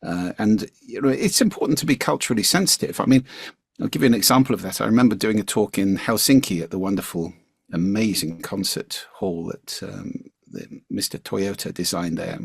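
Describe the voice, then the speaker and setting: A man being interviewed as a communication coach, explaining his points in an articulate, measured way. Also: lowish voice, vocal fry, breathy edge, dry recording, clean studio sound. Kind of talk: interview conversation.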